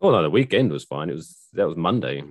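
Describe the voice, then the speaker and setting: Casting: sarcastic, rambling male podcast host, low voice, dry mic. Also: big pitch swings, fast, dry recording. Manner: rambling, sarcastic, swears freely. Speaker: podcast host telling news stories. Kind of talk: casual chat.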